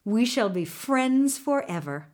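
Kindly little talking horse for a storybook, a woman reading it, unhurried and reassuring. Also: a little high, big pitch swings, darkish tone. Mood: calm. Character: small talking male horse, loyal and brave. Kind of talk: storybook narration.

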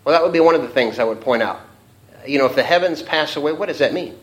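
A man's voice: a little high, fast, rough recording. Man leading a casual Bible study. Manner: conversational, many fillers, reads scripture aloud. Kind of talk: informal Bible class teaching.

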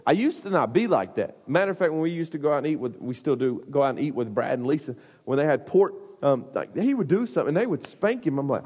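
A man delivers a youth sermon, his voice a little raised and husky. He tells comic stories in an animated, rambling way with many fillers. His voice rings with the long reverb of a large hall. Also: a little high, fast talker, hardly any pauses. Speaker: youth pastor. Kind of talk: storytelling sermon.

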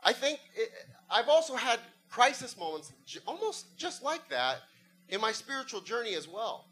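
A man's voice: very high voice, very animated, moderate pace, pushed and bright, rough recording. A middle-aged man preaching a sermon, telling a funny story and acting out voices and sound effects. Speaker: pastor.

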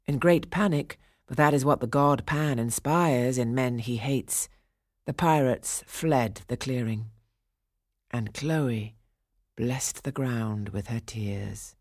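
Low, unhurried woman reading a storybook. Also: no echo, studio quality. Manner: slow, expressive, dramatic reading. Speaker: audiobook narrator. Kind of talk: storybook narration.

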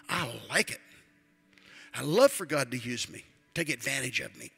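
An older man preaching a sermon as a bishop, swinging between quiet asides and loud emphatic build-ups. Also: medium pitch, animated, moderate pace, vocal fry, breathy edge, soft background music.

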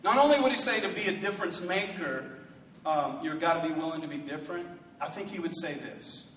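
A male pastor preaching a sermon in a church, swelling into loud emphatic bursts and joking asides. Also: a little high, brisk, slight background noise. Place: church sanctuary. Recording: echoey hall from a distant mic.

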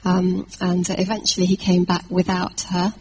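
A woman from England preaching a sermon, telling a personal story in a lively anecdotal way with fillers and restarts. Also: lowish voice, moderate pace, noisy background.

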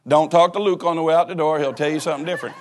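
A man's voice: on the high side, steady tone, racing. A man preaching a sermon as pastor, folksy and joking, talking straight to the congregation. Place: church.

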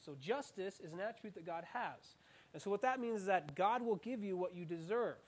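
A young man preaching an interactive sermon, animated and playful, with self-mocking asides. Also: high-pitched, fairly quick. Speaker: student preacher.

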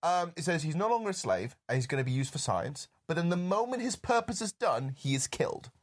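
A man chatting casually on a film podcast, with a fairly high voice that swings widely as he recaps scenes. He laughs often and acts out bits of dialogue as he goes. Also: a little fast. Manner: giggly, animated retelling of scenes with mimicked lines. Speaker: podcast co-host. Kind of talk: casual film review chat.

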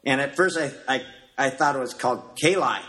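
A man's voice: medium pitch, fairly quick. Brief: middle-aged male guest, mid-range voice, rambling anecdotes, plenty of "you know" fillers. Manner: animated storyteller who acts out his younger self in quotes. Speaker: guest, martial arts coach. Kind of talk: casual storytelling interview.

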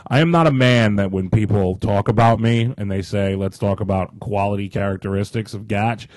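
A man's voice: fairly low pitch, normal speed, darkish tone, no echo, rough recording. A middle-aged man co-hosting a casual chat, blunt and jokey as he speaks from his own experience. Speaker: podcast co-host.

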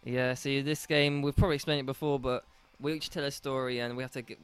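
A man's voice: mid-range voice, flat delivery, fast, smooth. A young man co-hosting a casual podcast, bantering crudely and laughing often as he rambles through a story. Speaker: podcast co-host.

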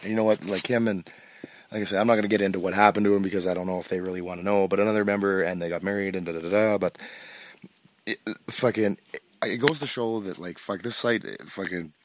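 A man's voice: sits low, steady tone, fast talker, a little hiss or hum. A man hosting a solo podcast, rambling with constant swearing, frequent restarts and bursts of laughter, and sounding stoned. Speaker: podcast host.

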